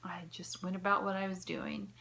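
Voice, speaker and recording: A woman's voice: fairly low pitch, fairly even intonation, normal speed, creaky, bright, forceful tone, a little hiss or hum. A woman in her fifties telling a personal story to camera in an earnest, heartfelt way, sometimes dropping to a near whisper. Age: 50s. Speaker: vlogger.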